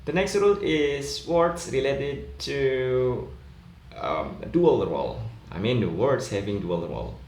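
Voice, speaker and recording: A man explaining an English pronunciation lesson in a slow, measured way, pausing on fillers as he goes. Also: medium pitch, animated, darkish tone. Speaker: lecturer. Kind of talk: recorded lesson explaining rules. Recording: echoey room, faint background noise.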